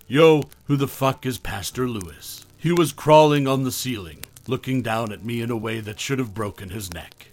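A man reads a horror story aloud at a mid pitch, calm and low-key. His lines trail off softly at the ends. The sound is dry and close, with no room echo. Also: normal speed, hardly any pauses. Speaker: narrator. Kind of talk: scripted horror story narration.

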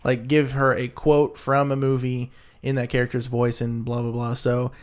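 A man hosting a casual podcast, talking in a relaxed way with many fillers. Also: medium pitch, normal speed, clean tone. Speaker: podcast host. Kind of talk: casual chat.

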